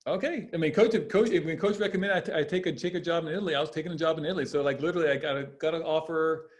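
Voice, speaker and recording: A man's voice: a little high, racing. A man in his fifties, a former basketball player, telling stories on a podcast in a rambling way, with many restarts and laughs. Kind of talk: casual storytelling interview.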